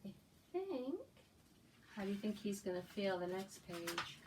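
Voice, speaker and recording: A woman teacher reading a picture book to young children, asking gentle coaxing questions and dropping into whispers. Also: mid-range voice, a little slow, long pauses. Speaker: preschool teacher. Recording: distant mic with faint background noise.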